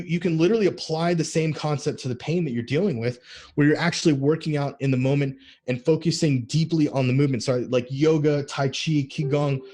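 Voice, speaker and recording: A man co-hosting a podcast, talking in an energetic, preachy motivational way that builds in intensity. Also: a little high. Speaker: podcast co-host.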